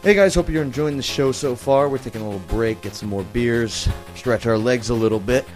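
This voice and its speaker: A man hosting a casual podcast, trading crude, loud jokes with his friends. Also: mid-range voice, brisk, faint music behind. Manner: loud, brash, laughing. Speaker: podcast host.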